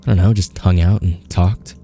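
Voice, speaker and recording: A man's voice: deep voice, steady tone, normal speed, mellow. A man reading the lines of a young male suspect in a video game, answering in short, evasive replies. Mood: guarded. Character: quiet young man under police questioning.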